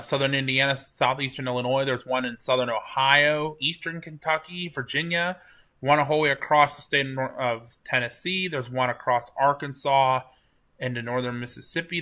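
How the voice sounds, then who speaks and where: Bright-voiced man hosting a home livestream. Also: medium pitch. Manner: relaxed, rambling, chatting with viewers. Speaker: livestream storm chaser host. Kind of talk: casual live-stream commentary. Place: at home on a couch.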